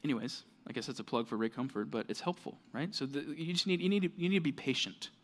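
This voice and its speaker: A man's voice: mid-range voice, animated, fast. A man preaching a sermon as pastor, conversational and earnest, with frequent fillers like "right" and "like".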